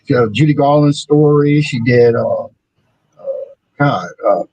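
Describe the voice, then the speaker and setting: A man chatting casually, halting as he searches for names. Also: medium pitch, lively intonation, a little mellow, muffled recording. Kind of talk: casual chat.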